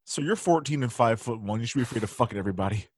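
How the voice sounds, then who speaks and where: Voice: mid-range voice, expressive, rapid-fire, husky, dry recording. Dry-voiced host making jokey quips. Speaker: podcast co-host. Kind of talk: casual chat.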